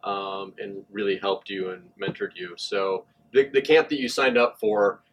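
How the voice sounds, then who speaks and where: A man hosting a casual interview, relaxed and encouraging as he steers the talk back to the guest's story. His voice sits fairly low. A faint background noise runs underneath. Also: a little slow, rough recording.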